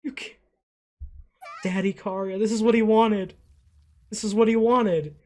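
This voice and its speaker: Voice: mid-range voice, fairly even intonation, unhurried, warm tone. A young adult hosting an anime reaction video, gasping, exclaiming and swearing at the screen. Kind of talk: emotional reaction commentary.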